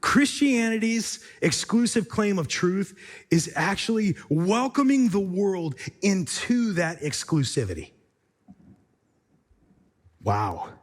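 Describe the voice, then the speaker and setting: High-voiced, unhurried male preacher. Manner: emphatic, rhetorical repetition. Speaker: pastor. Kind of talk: sermon.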